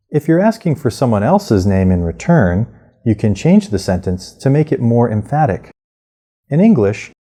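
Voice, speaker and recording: A man narrating a scripted language lesson, explaining phrases clearly and pronouncing them with care. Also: mid-range voice, dark tone. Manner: clear, measured instruction with careful pronunciation. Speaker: language teacher.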